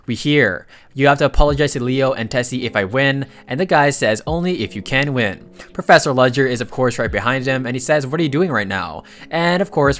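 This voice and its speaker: A man giving a casual comic-book recap, chatty and full of excitable asides. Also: medium pitch. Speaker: manhwa recap narrator.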